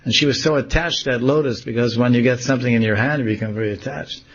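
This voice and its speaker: A man, a swami, giving a devotional lecture, telling a story softly and acting out the scenes. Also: mid-range voice, fast talker, noisy background. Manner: soft-spoken, animated storyteller acting out scenes. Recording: slightly muffled lo-fi recording.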